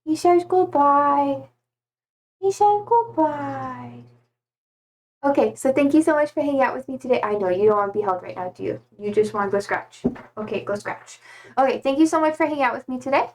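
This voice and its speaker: A woman's voice: on the high side, lively intonation, fast, darkish tone. A young woman streamer chatting casually with her viewers, rambling and giggling, with lots of "like" and casual swearing. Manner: rambling and giggly, heavy use of "like". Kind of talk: casual live-stream chat.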